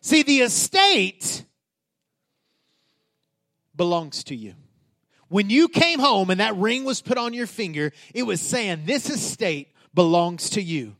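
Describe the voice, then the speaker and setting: A man's voice: high-pitched, sing-song, takes it slowly, pauses often, a bit bright. A middle-aged man, a pastor, preaching a conversational sermon that climbs to emphatic peaks.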